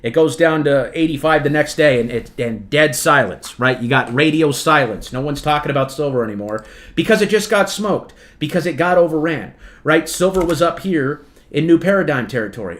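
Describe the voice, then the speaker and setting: A man's voice: a little high, lively intonation, brisk, fairly bright tone. A man hosting a trading livestream, giving emphatic market commentary. He calls his viewers "folks" and keeps checking in with "okay?" and "right?". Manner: emphatic, repetitive, peppers lines with "okay?" and "right?". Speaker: trading channel host.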